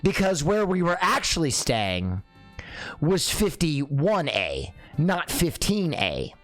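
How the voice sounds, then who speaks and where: A young adult man telling a comic story in a lively way, acting out the dialogue. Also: slow, soft background music. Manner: lively, acts out dialogue with swinging pitch.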